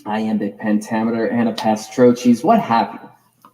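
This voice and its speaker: A man's voice: fairly low pitch, level tone, unhurried, warm tone, low-quality recording. A man giving a reflective, digressive lecture as a course teacher, musing over the roots of words.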